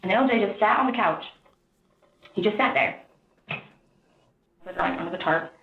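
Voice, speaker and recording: A woman recounting events in a rambling, halting way, often quoting others in a raised voice, heard on distant interview-room audio. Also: mid-range voice, roomy sound, highs cut off. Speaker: interviewee in police interrogation footage.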